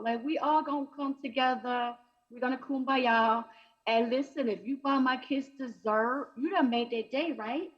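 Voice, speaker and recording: A woman's voice: high-pitched, highs cut off. Brash woman doing stand-up. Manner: brash, chatty, punchy delivery. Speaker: stand-up comedian. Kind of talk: stand-up comedy set. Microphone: video call.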